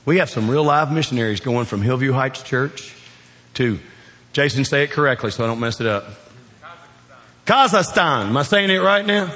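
A man with a Southern Kentucky drawl preaching a sermon in a church, folksy and joking, swinging from loud emphatic peaks down to quiet, low appeals. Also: lively intonation, a little fast. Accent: Southern US, South Central Kentucky. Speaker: pastor. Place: church sanctuary. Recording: long hall reverb.

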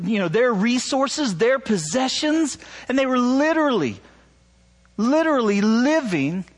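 A man preaching a sermon, asking his listeners "right?" and mimicking sarcastic tones when he quotes. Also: very high voice. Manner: animated preaching, rising loud on emphasis, asks "right?" often. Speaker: pastor.

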